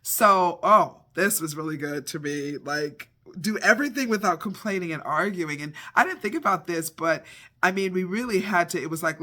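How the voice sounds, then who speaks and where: A middle-aged man with a high, ringing voice gives a devotional talk. He tells his story in a lively, expressive way, acting out each scene as he goes. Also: normal speed. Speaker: devotional speaker.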